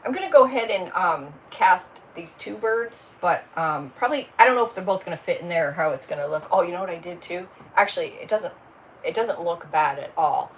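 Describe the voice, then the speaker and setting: A woman's voice: fairly low pitch, lively intonation, fairly quick, slight background noise, poor audio. A woman, hosting a casual crafting livestream, chatty and rambling as she greets viewers by name.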